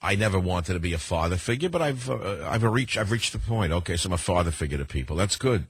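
Older man, New York accent, radio host, husky, low-pitched, rambling, dry close sound. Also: animated, fast, dry recording. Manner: combative, rambling, repeats himself. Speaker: radio talk show host. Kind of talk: opinionated talk radio monologue.

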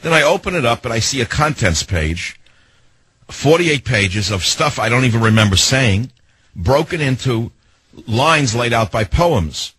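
A man's voice: mid-range voice, lively intonation, fairly bright tone, breathy edge, dry recording, low-quality recording. An older man with a New York accent hosting a talk radio show, brash and digressive. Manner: brash, rapid-fire, digressive.

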